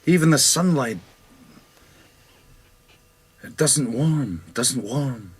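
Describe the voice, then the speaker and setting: A man with a Scottish accent voicing a bewildered Highlander lost in space, musing in a slow, searching ad-lib on a concept album. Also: animated, breathy edge, full character voice.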